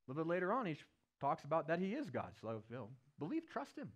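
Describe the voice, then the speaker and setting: A male pastor preaching a sermon at a church service. He retells a story vividly, moving from loud, raised passages to hushed, low ones. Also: huge pitch swings, fast talker.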